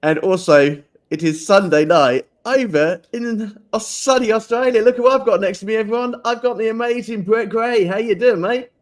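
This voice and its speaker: A man's voice: high-pitched, moderate pace, few pauses. A man from the UK hosting a casual livestream chat over a video call, rambling with many fillers and stock phrases. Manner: chatty, rambling, with fillers and repeated "I tell you what". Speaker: livestream host.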